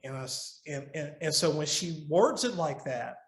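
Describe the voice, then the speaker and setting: A middle-aged man with a fairly high voice talks earnestly as a podcast guest, sharing advice on marriage in a loose, conversational way. He stumbles, repeats and restarts his words as he works through a story. The sound carries a noticeable roomy echo. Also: expressive, normal speed.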